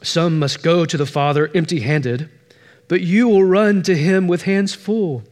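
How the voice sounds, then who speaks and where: A man reading the lines of a gentle elderly father who breaks hard news with care, in a sermon. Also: a little high, long reverb tail, voice pushed up, natural voice. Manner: gentle, measured.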